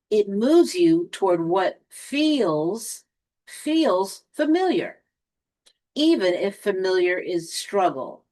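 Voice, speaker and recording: A woman giving a spiritual motivational talk, speaking deliberately with dramatic pauses and a touch of sarcasm. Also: medium pitch, a little mellow. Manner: lightly sarcastic.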